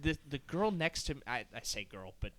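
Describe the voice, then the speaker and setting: A man's voice: mid-range voice, sing-song, brisk, a bit bright. A man, a guest on a casual podcast, telling a story with lots of acted-out quotes and laughter. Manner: acts out quoted voices, laughs often.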